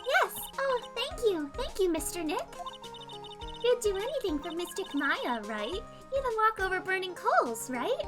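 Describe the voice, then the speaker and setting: A woman voicing an eager, devoted little girl who gushes with excitement, for a game playthrough. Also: very high-pitched, a little slow, over music, voice pushed up, heavily acted. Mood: gushing. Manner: gushing, excited.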